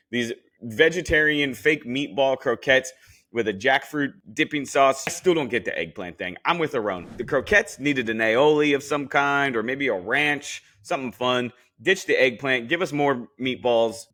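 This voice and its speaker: Bright-voiced man cracking blunt jokes. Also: medium pitch. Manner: blunt, joking, swears freely, talks straight at the contestants. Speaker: podcast host recapping a cooking show. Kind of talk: casual recap commentary.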